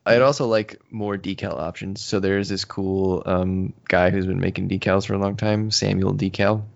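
A man with a low, gravelly voice chats casually as a podcast co-host, trailing into laughter and hesitant restarts. The recording sounds muffled and lo-fi. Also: level tone, normal speed. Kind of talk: casual chat. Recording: muffled lo-fi audio.

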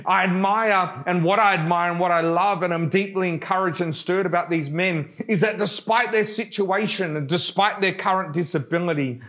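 A male pastor preaching a sermon with passion, at times dropping to a hushed, pleading prayer. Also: high-pitched, moderate pace, few pauses.

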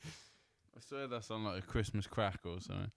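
A man's voice: lowish voice, moderate pace, gravelly, no room sound. A man hosting a podcast, chatting casually, teasing his co-host, swearing and laughing often. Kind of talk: casual chat.

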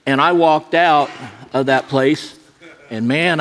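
Preaching in a large church sanctuary where the sound reverberates at length, this middle-aged associate pastor weaves humorous, self-mocking anecdotes into his sermon. His voice is slightly high and fairly bright, and he speaks slowly.

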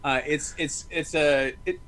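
A man in his thirties co-hosting a podcast, chatting casually about movies in a jokey, animated way with many restarts. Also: on the high side, brisk, a little hiss or hum. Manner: jokey, animated, self-interrupting. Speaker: podcast co-host. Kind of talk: casual movie-review chat.

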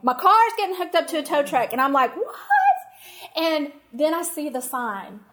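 A middle-aged woman, telling a personal story to an audience in an animated, emphatic way. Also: high voice, moderate pace. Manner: animated, emphatic, talks straight to listeners. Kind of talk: personal anecdote told to an audience.

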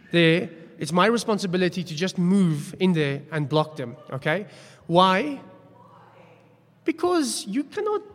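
A man preaching a sermon, telling a story in a chatty, self-deprecating way. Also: high voice. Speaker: pastor. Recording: long hall reverb.

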